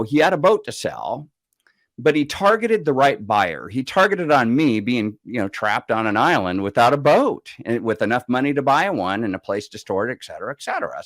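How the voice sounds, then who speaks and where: A middle-aged man chats as an interview guest, filling his story with "I'm like going" and acting out the voices of the people in it. His pitch moves up and down a lot. The sound is dry and close, with no room echo. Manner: animated, acts out the voices of people in his stories; chatty, with many fillers like "I'm like going".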